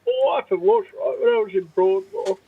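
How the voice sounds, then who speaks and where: A man voicing a crude, laddish male caller in a comedy phone-in bit, answering in a blunt, deadpan mumble. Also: high-pitched, brisk, vocal fry, breathy edge, no echo, phone-quality sound, heavily acted.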